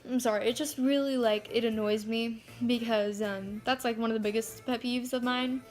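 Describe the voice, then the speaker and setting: A woman's voice: a little high, steady tone, moderate pace, a little mellow, faint music behind. A teenage girl vlogging to her phone camera, chatty and frank, swearing freely and filling her talk with "like". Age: teens. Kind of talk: casual rant to camera.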